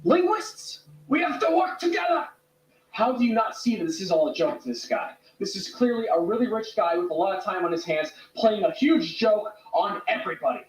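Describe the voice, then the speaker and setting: Fed up sarcastic guy, highish voice jumping around a lot, echoey and far away. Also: big pitch swings, fairly quick. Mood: exasperated. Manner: sarcastic, exasperated. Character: exasperated grown man, sarcastic and fed up. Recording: roomy, distant clip audio.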